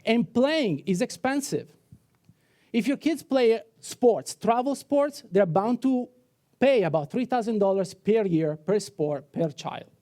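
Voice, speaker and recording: High-voiced Italian man pitching on stage. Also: lively intonation, takes it slowly, warm tone. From Italy. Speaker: startup founder pitching. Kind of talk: rehearsed pitch presentation. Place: event hall on stage.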